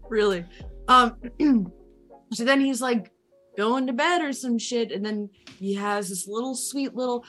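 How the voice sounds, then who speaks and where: A woman's voice: on the high side, measured pace, fairly bright tone, faint music behind. A woman hosting a casual chat, retelling a story in a rambling, playful way with lots of swearing.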